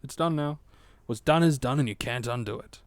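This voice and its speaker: A man's voice: mid-range voice, fairly quick, no echo. A man in his late twenties chatting and muttering to himself while streaming a game, with casual swearing. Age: late 20s. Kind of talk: casual gaming livestream commentary.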